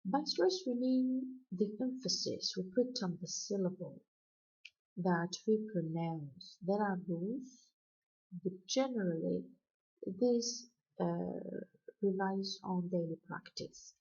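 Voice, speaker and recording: A woman lecturer explaining poetic meter in a slow, deliberate way, chanting out stress patterns. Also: mid-range voice, darkish tone, breathy edge. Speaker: university lecturer. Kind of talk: recorded poetry lecture. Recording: dull lo-fi recording.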